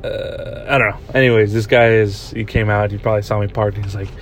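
A man's voice: on the low side, steady tone, fairly quick, a little hiss or hum. A young man hosting a podcast, telling a story in a casual, rambling way, swearing often and restarting his sentences. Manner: rambling and profane, many restarts. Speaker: podcast host. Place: parked vehicle.

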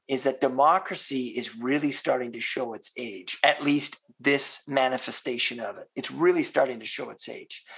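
A man hosting a casual conversation, talking haltingly and repeating words as he thinks. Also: mid-range voice, gravelly, fairly bright tone, slightly rough.

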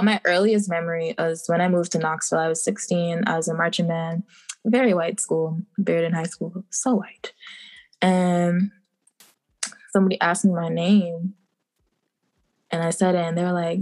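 A young woman from the Bahamas, a podcast guest, chatting casually and telling animated stories with acted-out quotes and frequent laughter. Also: fairly low pitch, a little slow. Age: young adult. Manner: animated storytelling, acting out quotes, laughing often. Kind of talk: casual interview chat.

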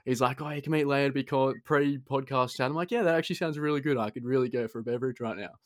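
A young Australian man hosting a podcast, telling an animated story with plenty of swearing and laughter. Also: medium pitch, racing, dry recording, clean studio sound. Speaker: podcast host. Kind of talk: casual chat.

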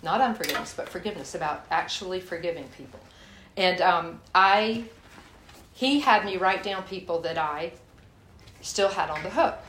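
A woman giving a sermon and telling personal stories in a lively way, acting out her own anger. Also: on the low side, normal speed. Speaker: guest speaker. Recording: echoey room.

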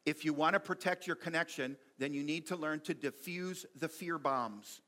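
A man preaching a sermon in a lively, conversational way, reading quotes and making asides to the congregation. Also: fairly high pitch, normal speed. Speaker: pastor.

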